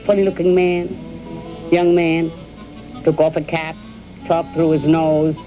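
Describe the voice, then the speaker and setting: Older woman recalling her youth, mellow. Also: low-pitched, level tone, faint music behind, low-quality recording. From New York, US. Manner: storytelling, halting with repeated words and fillers; addresses her husband directly. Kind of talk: reminiscing in an archival interview.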